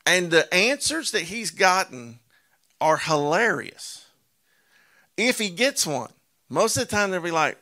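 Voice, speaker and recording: A man preaching a sermon, drawing out key words slowly for emphasis and asking rhetorical questions, telling stories with animation. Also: high-pitched, very animated, sharp tone.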